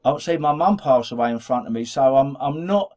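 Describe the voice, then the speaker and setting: A man's voice: medium pitch, animated, brisk, darkish tone. A middle-aged man from the Black Country of England, co-hosting a podcast in casual chat, rambling and restarting his sentences often. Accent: Black Country English. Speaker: podcast co-host.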